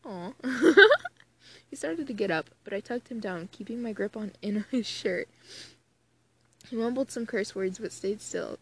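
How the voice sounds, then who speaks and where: A woman's voice: mid-range voice, unhurried, darkish tone, husky. A woman casually reading fan fiction aloud, breaking off with exasperated groaning asides about how much she hates it. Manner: groans and cringes between read passages.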